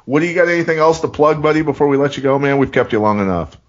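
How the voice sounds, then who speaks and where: A man's voice: fairly high pitch, steady tone, rapid-fire. A man hosting a podcast, telling rambling, profane anecdotes in a casual way. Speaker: podcast host. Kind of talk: casual storytelling. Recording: dull lo-fi podcast audio.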